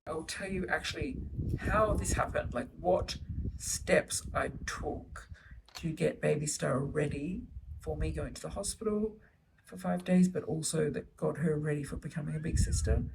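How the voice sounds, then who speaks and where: A woman's voice: low-pitched, gravelly, far from the mic, background noise. Chatty mother vlogging from home. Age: middle-aged. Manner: gushing, chatty, warm about her children. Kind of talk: casual chat to camera. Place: home, indoors, baby asleep nearby.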